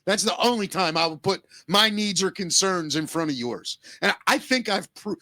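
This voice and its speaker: A man co-hosting a podcast, speaking earnestly and emotionally, close to tears, with halting restarts and swearing. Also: sits high, expressive, sharp tone, no echo. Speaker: podcast co-host.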